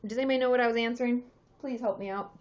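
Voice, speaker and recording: A higher-pitched woman in her thirties talks loosely through viewer questions as a therapist on a live stream, tripping over restarts and fillers. The audio is dull and lo-fi, like a webcam stream. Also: steady tone, racing, a little mellow. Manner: chatty, scattered, many fillers and restarts. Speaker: therapist answering live chat. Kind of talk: casual livestream chat.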